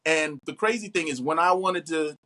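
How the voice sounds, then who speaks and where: A man's voice: normal speed, slight background noise. A middle-aged man, an actor, talking animatedly in an interview and acting out quoted voices. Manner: expressive, acts out quotes with big pitch jumps.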